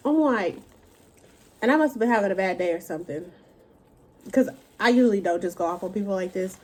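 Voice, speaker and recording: A young woman, telling a profane, animated storytime rant to her camera at home. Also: medium pitch, a little fast. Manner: animated, profane, dramatic retellings. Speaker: vlogger.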